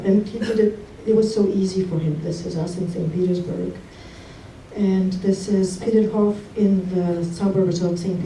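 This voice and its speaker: A widow delivers a eulogy for her husband in a mellow, mid-range voice, sharing fond stories often interrupted by laughter. She's recorded from a distance in a roomy hall, with a faint hum in the background.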